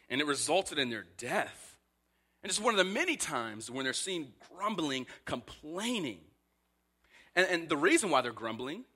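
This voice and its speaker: A man's voice: mid-range voice, pushed and bright. A man preaching a sermon, asking emphatic rhetorical questions and briefly voicing grumbling complainers. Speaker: pastor.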